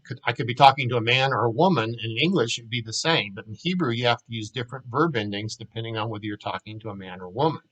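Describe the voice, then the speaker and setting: Bright-voiced Southern American man teaching. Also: mid-range voice, poor audio. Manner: drills words slowly, repeating each form. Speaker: Hebrew teacher. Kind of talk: casual recorded grammar lesson.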